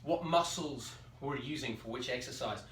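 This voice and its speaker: A man's voice: medium pitch, moderate pace, fairly bright tone. Breathless male teacher in an echoey room. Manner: counts reps aloud while exercising, encouraging. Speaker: phys ed teacher. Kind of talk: demonstrating exercises for students. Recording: roomy echo, distant mic, faint background noise.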